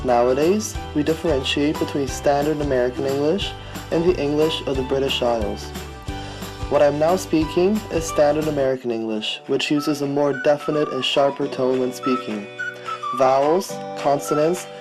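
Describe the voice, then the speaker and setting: A man narrating an educational piece in a measured, explanatory reading style. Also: a little high, poor audio.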